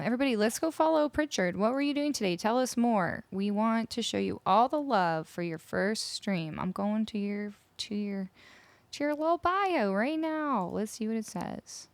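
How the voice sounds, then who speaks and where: A fairly high-voiced woman from Canada hosts her live music stream, chatting casually with viewers and reading out their messages. Her studio mic sounds close and dry, with no room around her voice. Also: dry recording. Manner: chatty, reads out chat messages and greets viewers. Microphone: studio microphone.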